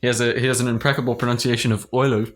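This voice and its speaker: A man's voice: mid-range voice, little pitch movement, very fast, a bit bright, a little hiss or hum. Casting: young male co-host, easygoing, dry humor, mid-range voice. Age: young adult. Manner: dry, joking asides, easygoing. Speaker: podcast co-host. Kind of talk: casual chat.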